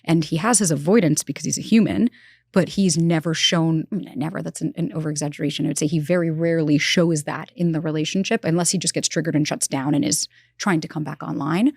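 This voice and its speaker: A woman's voice: low voice, steady tone, vocal fry, a little mellow, slightly rough, no room sound, clean studio sound. A woman, telling candid stories as a relationship expert guest in a casual interview. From New York. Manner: fast, candid storytelling with quick asides. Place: studio in Los Angeles.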